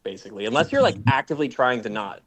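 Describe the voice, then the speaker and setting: A man's voice: medium pitch, sing-song, rapid-fire, a bit bright. A young man hosting a casual stream chat, joking with slang and laughing often. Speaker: streamer host.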